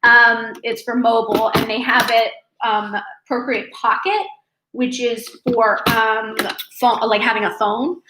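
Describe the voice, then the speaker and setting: Chatting on a live stream from her apartment, this stuffy-sounding artist in her twenties wanders from thought to thought, full of fillers and corrections as she keeps restarting. Her pitch is fairly high and her pace unhurried, with reverb and noise in the background.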